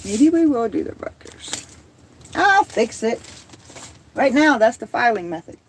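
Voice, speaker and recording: Middle-aged Southern woman, livestream host, chatty and quick to laugh, reads viewer comments aloud. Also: a little high, sing-song, a little hiss or hum, poor audio. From American South. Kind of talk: casual livestream chat.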